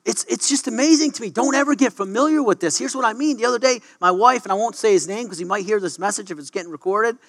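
Bright-voiced, excitable preaching coach man. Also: high voice, creaky. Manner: excitable, stumbling restarts and quick asides. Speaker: wrestling coach. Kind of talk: devotional talk to a sports team.

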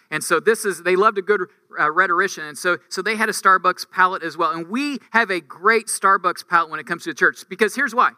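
A man's voice: high-pitched, pushed and bright, dry recording, clean studio sound. A man preaching a conversational sermon, reading scripture aloud and driving points home with rhetorical questions and emphatic peaks. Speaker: campus ministry preacher.

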